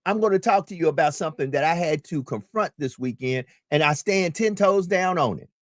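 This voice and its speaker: A man's voice: a little high, expressive, a little fast, dry recording, clean studio sound. A man hosting a community talk radio show, speaking in an emphatic, preacherly way and repeating his key points.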